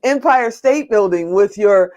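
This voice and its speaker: A woman's voice: medium pitch, lively intonation, measured pace, a little mellow. Female host, effusive and gushing, casual interview chat.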